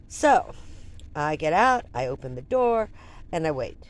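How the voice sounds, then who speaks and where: An older woman vlogger telling a personal story in an animated, rambling way, full of restarts and asides. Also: sits low, a little slow.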